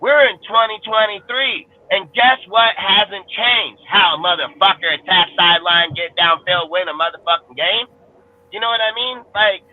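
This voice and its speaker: Cursing Californian man ranting over a tinny line. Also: sits high. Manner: angry, swears constantly, rapid restarts. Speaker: panelist on a fan sports show. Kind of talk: heated profane sports rant.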